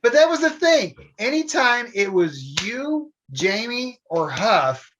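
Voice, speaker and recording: A man's voice: extremely high pitch, big pitch swings, slow, fairly bright tone, a little hiss or hum. A man casually telling stories about his old theme park show, laughing often as he talks. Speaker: former theme park train show performer. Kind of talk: casual storytelling chat. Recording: dull lo-fi sound.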